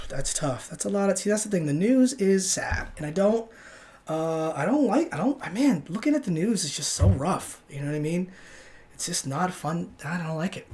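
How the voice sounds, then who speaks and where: A man's voice: high-pitched, lively intonation, normal speed, darkish tone. A young man from Texas hosting a solo podcast, telling a rambling story with many restarts and casual swearing. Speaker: podcast host.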